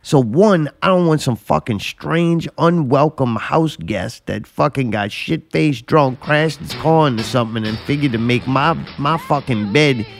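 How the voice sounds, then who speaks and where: A man's voice: medium pitch, a little slow, gravelly, hardly any pauses. A man co-hosting a casual chat, blunt, profane and drawling as he spins a story.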